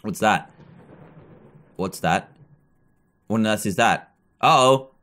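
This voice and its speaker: A young man giving excitable let's play commentary, reading game dialogue aloud and laughing along. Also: mid-range voice, unhurried, long pauses, soft background music. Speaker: gaming video host.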